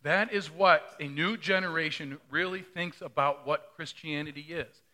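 A man's voice: on the high side, normal speed, pushed and bright. A middle-aged male pastor preaching a sermon in a conversational way, often asking the congregation questions.

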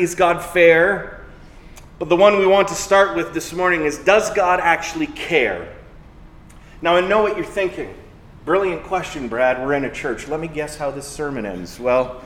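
A pastor preaching a sermon in a church, telling everyday stories in a conversational, self-mocking way. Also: male voice, on the high side, fairly bright tone, roomy sound, a little hiss or hum.

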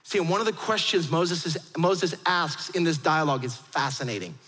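A man preaching a sermon as pastor, animated, acting out the people in his story. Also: fairly high pitch, normal speed, big-room sound, soft background music. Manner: animated, acts out quoted voices.

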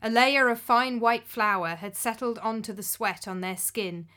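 A woman giving measured, descriptive scripted narration of a story. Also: fairly high pitch, pushed and bright.

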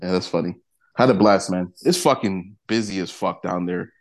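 A podcast co-host with a deep voice speaks at a moderate pace on a casual show. He tells stories full of laughter and swearing.

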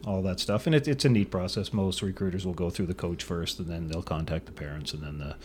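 A man's voice: deep voice, quick pace, darkish tone, a little hiss or hum. A middle-aged man co-hosting a studio sports talk show, telling stories in a rambling way with many fillers and restarts. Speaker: sports show co-host and father of a university athlete. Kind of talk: casual sports talk chat. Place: radio studio.

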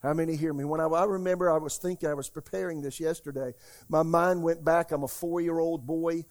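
A man preaching an Easter Sunday sermon as pastor, emphatic and calling out to the congregation, swinging from loud declarations to quiet asides. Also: on the high side, steady tone, a little fast. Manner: emphatic preaching, asks the congregation "How many hear me?".

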